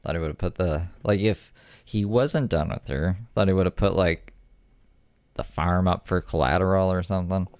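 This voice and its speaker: Deep-voiced man with sarcastic commentary. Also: normal speed, a little mellow, dry recording, clean studio sound. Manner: sarcastic, skeptical, offhand. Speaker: commentary streamer. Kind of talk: casual commentary.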